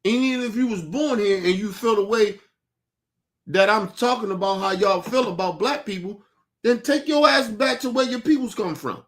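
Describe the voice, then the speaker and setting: Heated, high-voiced man ranting. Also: normal speed. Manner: profane, shouting, repetitive. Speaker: podcast host. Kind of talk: heated rant.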